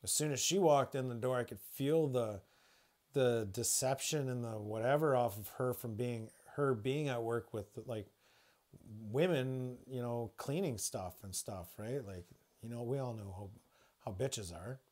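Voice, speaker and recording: A man's voice: medium pitch, a little slow, darkish tone. A man livestreaming from home, rambling and swearing freely with many restarts as he tells a personal story. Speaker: spiritual livestreamer.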